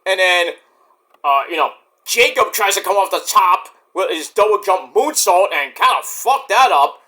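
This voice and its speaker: Excitable high-voiced young man ranting. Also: normal speed. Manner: excitable and rambling, swears, jumps to shouts. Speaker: wrestling reviewer. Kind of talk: casual spoken event review.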